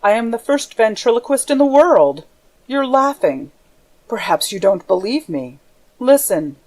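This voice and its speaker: A woman's voice: a little high, big pitch swings, a little slow, a little mellow. A woman voicing a brooding, lonely masked man in an audiobook reading, rambling from weariness to taunts. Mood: coaxing. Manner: rambling, shifting from weary to taunting.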